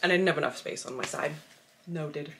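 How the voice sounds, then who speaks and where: A woman's voice: low voice, a little fast, fairly bright tone, slight background noise. A woman, a mom vlogging at home in easy casual chat that is full of "like". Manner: chatty, peppered with "like".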